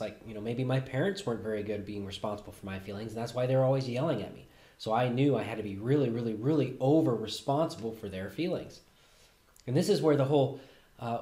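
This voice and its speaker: A man hosting a reflective self-help talk, speaking calmly and letting his voice fall softly at the ends of phrases. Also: medium pitch. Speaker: host. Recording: roomy echo.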